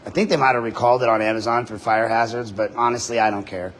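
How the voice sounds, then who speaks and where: A man's voice: mid-range voice, quick pace, slight background noise, poor audio. A man talking casually into his body-worn camera inside a public building, laughing often and swearing freely. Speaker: independent journalist livestreaming.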